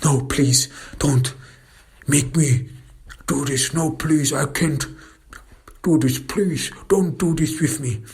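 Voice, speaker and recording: A man's voice: fairly high pitch, slow, long pauses, darkish tone, slightly rough, pitched above the performer's own voice, heavily acted. A man doing a sobbing, begging middle-aged father.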